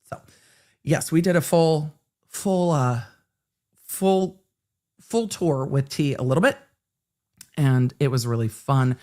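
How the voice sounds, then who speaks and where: A woman's voice: deep voice, slow pace, pauses often, a little mellow. A middle-aged woman hosting a livestream in a casual, rambling way, often restarting her sentences while she chats and reads viewer comments. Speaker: host.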